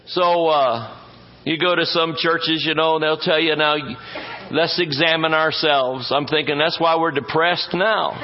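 Guy pastor preaching, folksy and jokey, kinda high voice, muffled audio. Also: normal speed. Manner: folksy, joking asides, stretches words for emphasis. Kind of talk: sermon.

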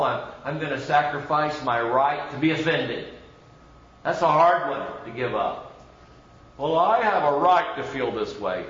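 A pastor with a mid-range, fairly bright voice preaches a conversational sermon in a church, filling it with rhetorical questions and mock voices. The recording sounds roomy and dull.

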